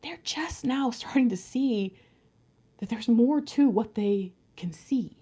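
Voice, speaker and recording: A woman's voice: fairly high pitch, takes it slowly, slightly rough. A woman giving a tarot reading in a casual, confiding way, speaking straight to her viewers. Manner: animated, confiding, addresses viewers directly. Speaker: tarot reader. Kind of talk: casual spiritual reading talk.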